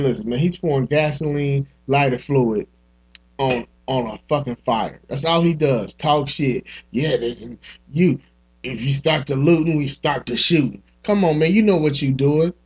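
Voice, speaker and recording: Podcast host, male, angry rant, husky, slightly high voice, muffled lo-fi sound. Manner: heated, profane, repeats himself in bursts. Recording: dull lo-fi podcast audio.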